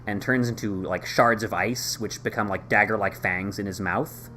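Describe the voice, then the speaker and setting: A man narrating a tabletop game as game master, in a casual, halting way with many fillers. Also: lowish voice, fairly even intonation, bright, forceful tone, a little hiss or hum.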